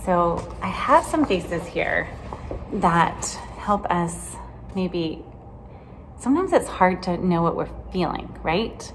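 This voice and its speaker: A woman teaching a children's Bible lesson in a gentle, chatty way, often checking in with "right?". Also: lowish voice, very animated, takes it slowly, slight background noise. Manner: gentle, chatty, asks questions with many "right?"s.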